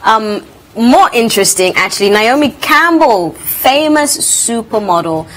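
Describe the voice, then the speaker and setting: A woman co-hosting a TV entertainment show, reacting quickly and reading out celebrity news. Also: a little high, expressive, a bit bright, a little hiss or hum, poor audio. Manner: quick reactions, reads headlines. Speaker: TV show co-host. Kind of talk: casual entertainment chat.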